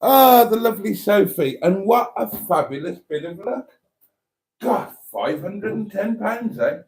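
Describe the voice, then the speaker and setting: A man's voice: high-pitched, lively intonation, a little slow. A man from Britain hosting a live stream, chatting casually and rambling between jokes. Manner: rambling, jokey, theatrical.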